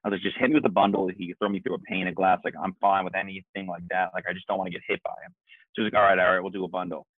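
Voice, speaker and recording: Podcast co-host, male, very low voice, dry tinny phone-like sound, rambling anecdotes. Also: level tone, rapid-fire, dry recording. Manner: rambling storyteller, acts out quotes. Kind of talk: casual chat.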